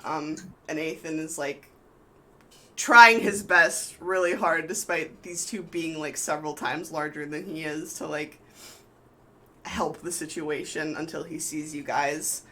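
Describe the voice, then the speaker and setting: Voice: medium pitch, fairly even intonation, unhurried, pushed and bright, low-quality recording. A game master narrating a live tabletop game in a loose, rambling way with many fillers.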